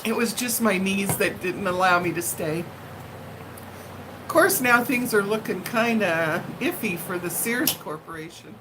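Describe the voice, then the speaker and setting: A woman's voice: medium pitch, unhurried, background noise. A woman hosting a live stream from home, chatting casually with viewers in a rambling, friendly way with lots of fillers. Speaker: livestream host chatting with viewers. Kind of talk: casual live-chat monologue.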